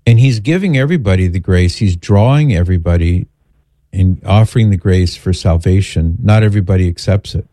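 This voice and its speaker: A man's voice: deep voice, brisk, mellow, dry recording. A man earnestly explaining scripture in a conversational teaching style, quoting passages at length as he answers a question. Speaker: Catholic apologist answering questions.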